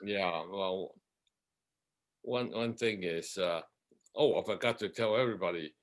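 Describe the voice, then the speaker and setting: A man co-hosting a casual video-call interview, speaking haltingly and restarting his phrases. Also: deep voice. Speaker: co-host, interviewer.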